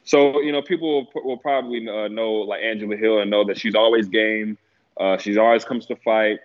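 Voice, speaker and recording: A man's voice: lowish voice, steady tone, fairly quick. Laid-back man on lo-fi audio. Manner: laid-back, many fillers, laughs easily. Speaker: guest analyst. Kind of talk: casual podcast chat about fights.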